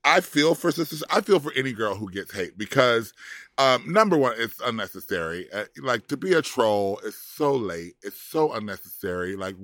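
Slow-drawling sassy man, podcast co-host. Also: fairly low pitch, sharp tone, dry recording, clean studio sound. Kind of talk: casual podcast chat.

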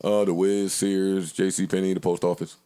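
A man's voice: sits low, flat delivery, moderate pace, dark tone, smooth. A man hosting a podcast in casual chat, laid-back and teasing, swearing freely. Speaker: podcast host.

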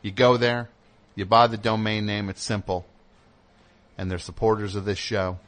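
A man's voice: lowish voice, little pitch movement, moderate pace, a bit bright. A man hosting a call-in radio show, reading an ad with a jokey, rambling, mock-earnest manner. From United States.

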